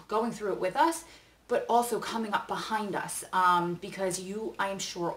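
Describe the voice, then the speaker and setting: A woman's voice: medium pitch, recorded from a distance. A woman in her forties hosting a casual try-on vlog, talking in a chatty, candid, rambling way with lots of fillers. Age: 40s. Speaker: vlog host. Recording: roomy echo.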